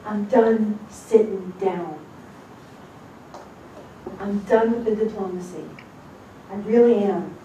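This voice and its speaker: A woman teaching a congregation as rebbetzin. She gives an informal sermon, reading scripture slowly and then talking bluntly and casually. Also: medium pitch, dark tone, dull audio. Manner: emphatic and blunt, shifting between slow scripture reading and quick casual talk. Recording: echoey room, distant mic, noisy.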